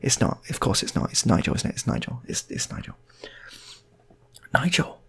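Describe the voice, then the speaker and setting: Gravelly man telling improvised stories. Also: medium pitch, wildly swooping pitch, quick pace. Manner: rambling, chatty asides. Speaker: storyteller. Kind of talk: improvised comic storytelling.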